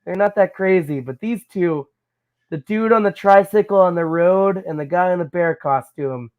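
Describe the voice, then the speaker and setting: Man, high voice, rambling improv podcast co-host, stumbles over words; dull lo-fi sound. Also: normal speed. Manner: rambling, stammering, acts out silly characters. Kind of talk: improvised comedy chat.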